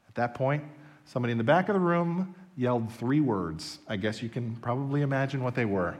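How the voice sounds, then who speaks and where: A man pastor preaching a sermon, telling stories in an animated, emphatic way. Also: medium pitch, fairly quick.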